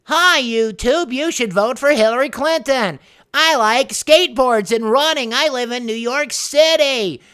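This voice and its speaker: A man's voice: very high-pitched, sharp tone, clean tone, exaggerated voice. A man doing an impression of a brash young web personality who rambles and boasts.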